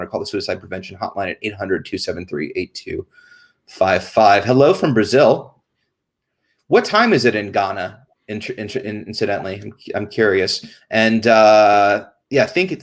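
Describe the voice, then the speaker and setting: A man hosting a casual live stream, chatty and greeting viewers, often stumbling and restarting his words. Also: on the low side. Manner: reads off viewer names and disclaimers quickly. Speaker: host.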